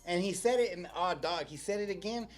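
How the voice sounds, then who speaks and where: A man telling a story in casual chat, profane and animated, full of street slang. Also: sits high, fairly quick, soft background music. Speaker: podcast co-host.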